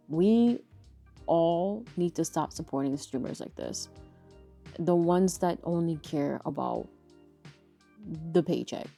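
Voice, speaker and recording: A woman with a deep, warm voice and vocal fry hosts a commentary channel. She rants bluntly and exasperatedly, swearing freely and sounding thoroughly fed up.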